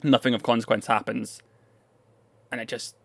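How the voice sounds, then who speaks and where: A man's voice: mid-range voice, flat delivery, moderate pace, vocal fry, no echo. A man hosting a casual film review podcast, chatty and rambling, often laughing as he talks.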